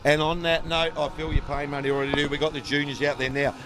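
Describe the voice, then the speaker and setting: Outdoors at a dirt kart track, a male co-commentator with a fairly high voice talks fast in a flat delivery over background noise. He chats and tells stories trackside, rambling with plenty of fillers.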